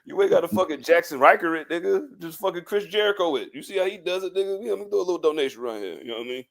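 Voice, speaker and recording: A man's voice: high-pitched, rapid-fire, creaky. A man co-hosting a wrestling podcast in loose, profane, laughing casual chat. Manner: animated, profane, laughs often. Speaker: podcast co-host.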